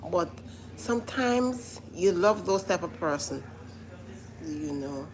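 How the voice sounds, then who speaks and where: A woman's voice: fairly low pitch, expressive, slow pace, poor audio. A woman giving casual commentary to live viewers, earnest and repetitive, often stopping to say listen. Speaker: vlogger reacting to a reality show.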